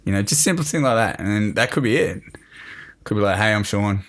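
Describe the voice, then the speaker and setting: A man's voice: on the low side, lively intonation, fast. A man as a podcast guest and personal trainer, talking in a laid-back, upbeat, slangy way and acting out little quotes. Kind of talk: casual podcast chat.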